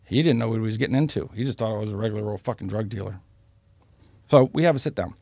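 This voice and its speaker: Man, low gravelly voice, blunt profane storyteller; dry podcast mic. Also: quick pace, a little mellow, no echo. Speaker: podcast guest. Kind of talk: storytelling in a casual interview.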